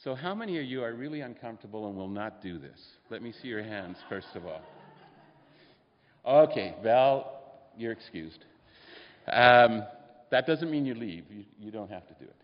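In a church sermon, a medium-pitched man speaks expressively at a moderate pace, talking with the congregation in a conversational way and putting questions to them. Long hall reverb fills the dull, lo-fi recording.

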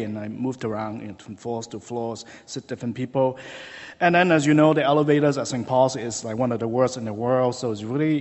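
A man, a hospital chaplain, preaching a conversational sermon in a church and telling a story with lots of fillers. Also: medium pitch. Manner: chatty and storytelling, many fillers, acts out dialogue. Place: church sanctuary. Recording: long church reverb.

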